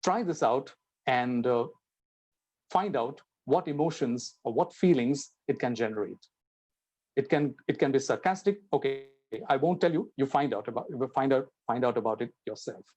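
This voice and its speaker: A man's voice: medium pitch, lively intonation, normal speed, a little mellow. A man giving a spoken English lesson, explaining and acting out example sentences with changing intonation and stress. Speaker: teacher.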